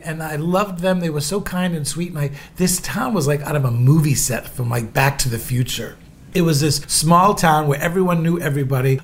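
A middle-aged man hosting a podcast, telling his own stories in an animated, gushing way, jumping between loud asides and hushed remarks. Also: on the high side, slight background noise. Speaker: podcast host. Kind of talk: storytelling monologue.

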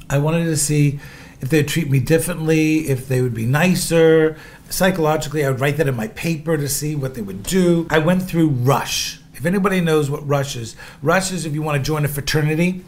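A middle-aged man hosting a podcast, telling his own stories in an animated, gushing way, jumping between loud asides and hushed remarks. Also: fairly high pitch. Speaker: podcast host. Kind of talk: storytelling monologue.

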